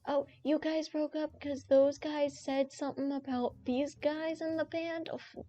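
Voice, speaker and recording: A woman's voice: high voice, flat delivery, unhurried, warm tone. A young woman streaming a game, chatting in a playful, rambling, joking way to her viewers. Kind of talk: casual gaming stream chat. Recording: dull lo-fi stream audio.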